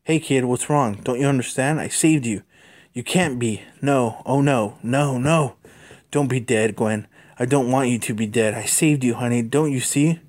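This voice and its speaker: A man reads the lines of a cocky young male superhero from a comic book. His delivery is plain and eager. The voice sits at an average pitch. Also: moderate pace, darkish tone, close to an everyday voice. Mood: desperate.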